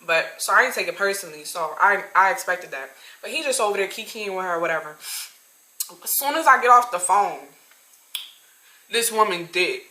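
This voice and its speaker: A woman in her twenties telling a story-time tale to her viewers, animated and talking straight to them. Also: medium pitch, moderate pace. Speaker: vlogger. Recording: roomy echo.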